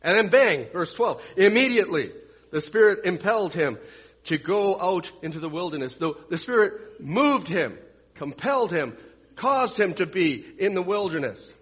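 A man preaches a sermon in a rather high, husky voice, repeating phrases and swinging between loud emphasis and hushed asides. The sound is dull and lo-fi, with long reverb from a large hall. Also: expressive, normal speed.

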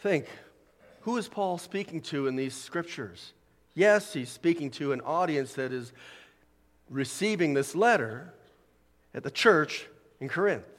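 High-voiced male pastor preaching. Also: expressive, measured pace, pauses often, fairly bright tone, long reverb tail. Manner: preaching with rising emphatic peaks. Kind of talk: sermon. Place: church sanctuary.

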